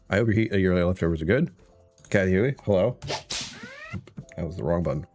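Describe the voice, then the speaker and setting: Deep-voiced man rambling through a livestream. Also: expressive, normal speed, a little mellow, faint music behind. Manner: rambling, chuckles often, greets chat by name. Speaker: live streamer hosting his own show. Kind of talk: casual livestream chat.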